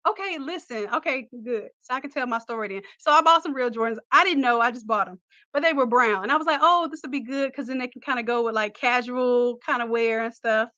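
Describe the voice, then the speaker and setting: A woman's voice: on the high side, fairly quick, sharp tone, no echo, muffled recording. A woman hosting a casual livestream, chatting and teasing as she walks through a design tutorial. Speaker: host.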